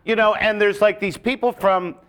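A bright, forceful man telling stories as a podcast guest. He is an animated comedian who keeps breaking into shouted, high-pitched impressions of hecklers. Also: normal speed, clean tone. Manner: animated storyteller, jumps into loud high-pitched crowd impressions. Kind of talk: casual storytelling on a podcast.

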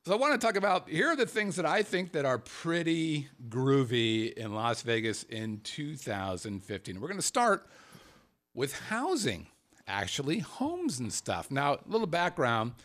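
A man hosting a casual comedic podcast, joking with his co-host and laughing often. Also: normal speed. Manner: joking, laughs often, lively swings in pitch. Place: Las Vegas.

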